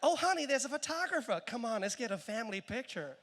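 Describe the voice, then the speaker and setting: A man playing an over-excited American tourist on a cruise ship, speaking in an American accent with breathless, over-the-top enthusiasm. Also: very high voice, fast, in a large hall, slight background noise, heavily acted. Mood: gushing.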